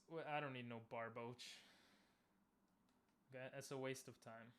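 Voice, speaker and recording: A young man casually commenting on a game he is playing, chatting with viewers and bursting into loud cheers. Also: medium pitch, steady tone, normal speed, long pauses. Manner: talks to chat, asks viewers questions. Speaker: streamer.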